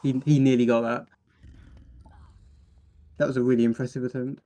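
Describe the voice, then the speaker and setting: A man with a mid-pitched voice co-commentates a speedrun tournament. He keeps it relaxed and jokey, laughing easily between calls. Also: moderate pace. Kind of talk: casual live commentary banter.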